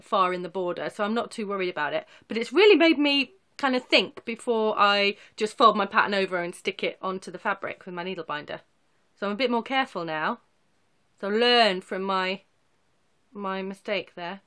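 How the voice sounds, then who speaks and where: A woman's voice: medium pitch, a bit bright. Chatty, rambling woman vlogger. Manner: rambling, chatty, self-deprecating. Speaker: cross-stitch vlogger. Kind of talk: casual chatty show-and-tell.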